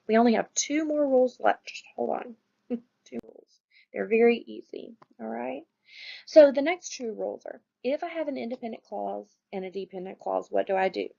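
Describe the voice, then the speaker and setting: A woman teaching a grammar lesson, patient and steady, who keeps checking in with her class as she explains. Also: a little high, gravelly, muffled recording. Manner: patient, checks in with "right?" and "all right?".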